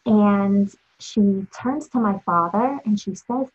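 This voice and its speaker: A woman's voice: medium pitch, slow pace, hardly any pauses, breathy edge. A woman giving an inspirational Torah talk, telling stories and asking rhetorical questions. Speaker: Torah teacher. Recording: dull lo-fi recording.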